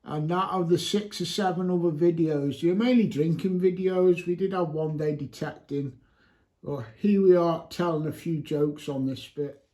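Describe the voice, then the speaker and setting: A man with a high voice trades swearing jokes and laughs with a friend while vlogging outdoors on a hill. He sits some distance from the camera, and the sound carries with a roomy echo. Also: steady tone, moderate pace, dark tone. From United Kingdom. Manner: joking, swearing, laughs often. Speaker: metal detecting vlogger. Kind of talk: casual banter to camera.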